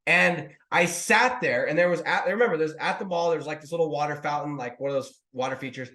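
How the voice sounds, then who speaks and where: A man in his thirties, an online business coach, telling a story to viewers in a lively, casual way. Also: a little high, fast talker. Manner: animated, talks to viewers as "dude" and "guys". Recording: roomy echo.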